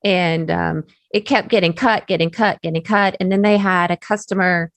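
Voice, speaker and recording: A woman with a Southern US accent, a guest chatting in an interview, talking faster with lots of "you know" fillers as she gets excited. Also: fairly low pitch, no echo. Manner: chatty, speeds up when excited, many fillers. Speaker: guest, technical curriculum developer. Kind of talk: casual interview talk.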